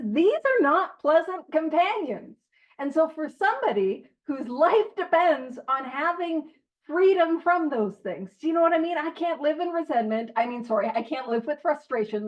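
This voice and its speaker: High-voiced woman, study-group leader, chatty and joking, dull lo-fi recording. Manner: chatty, joking, reads passages aloud. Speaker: big book study leader. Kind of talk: casual recovery study talk.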